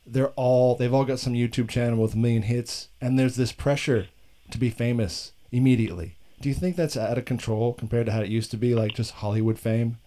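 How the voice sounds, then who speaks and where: A man in casual conversation, animated and joking, asking long rambling questions. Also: medium pitch, brisk. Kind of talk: casual chat.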